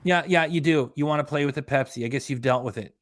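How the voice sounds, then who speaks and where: A man's voice: on the high side, fast. A man hosting a reaction channel, scolding a streamer in an angry, profane rant. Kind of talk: angry commentary on a livestream.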